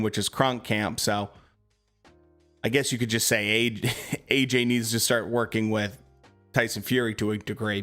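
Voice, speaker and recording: A man's voice: mid-range voice, a bit bright. Casual man talking boxing. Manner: casual, filler-heavy, answers chat. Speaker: streamer. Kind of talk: casual live-stream boxing chat.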